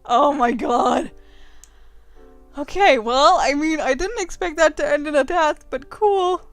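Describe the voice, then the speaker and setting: Loud high-voiced young woman gamer. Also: normal speed, dry recording, soft background music. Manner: loud, swearing, laughing outbursts. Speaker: game streamer. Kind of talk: let's play commentary.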